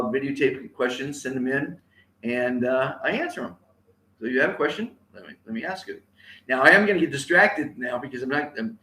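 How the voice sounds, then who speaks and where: Over a live stream, a motivational speaker delivers an eager talk, repeating his catchphrases and pressing viewers to say them out loud. His voice is medium in pitch and a bit bright, and the on-camera microphone gives it a roomy sound.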